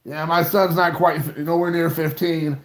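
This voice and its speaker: A man's voice: a little high, little pitch movement, moderate pace. A man in his thirties, co-hosting a podcast, telling a rambling, self-mocking childhood story in casual chat.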